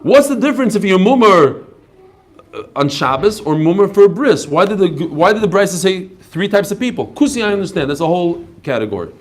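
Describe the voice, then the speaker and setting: A man giving a daily Talmud class, telling stories with quick asides. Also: sits high. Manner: animated storytelling, quick asides. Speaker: Talmud teacher. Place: study hall class.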